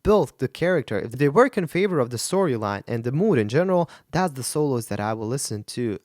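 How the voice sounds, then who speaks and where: Animated, enthusiastic male vocal coach. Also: mid-range voice, a little fast, no room sound, clean studio sound. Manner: enthusiastic, analytical. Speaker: vocal coach reacting to a song. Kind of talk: music reaction commentary. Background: faint rock song playing.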